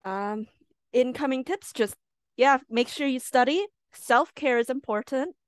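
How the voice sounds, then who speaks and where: A woman's voice: high voice, a little slow, smooth, no echo. A young woman co-hosting a podcast, chatting casually and reacting easily, often trailing off. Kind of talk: casual chat.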